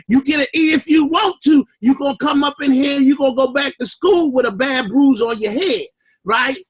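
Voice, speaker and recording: A man hosting a fired-up motivational conference call, loud and preachy. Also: moderate pace, husky, no room sound. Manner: loud, preachy, shouting with swooping pitch.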